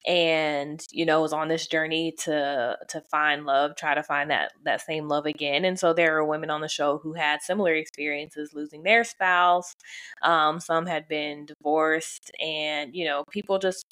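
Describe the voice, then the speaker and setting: Co-host, young woman, lowish voice, easygoing recap chatter. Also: fairly even intonation, moderate pace, a bit bright. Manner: chatty, recapping with many fillers and laughs. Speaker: podcast co-host. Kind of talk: casual chat.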